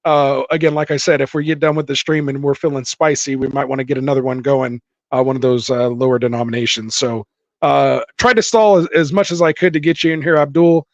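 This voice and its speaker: A man's voice: medium pitch, steady tone, brisk, dry recording. A man hosting a live fantasy football stream, chatting casually with viewers and reading their comments aloud with lots of fillers. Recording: dull dry lo-fi mic.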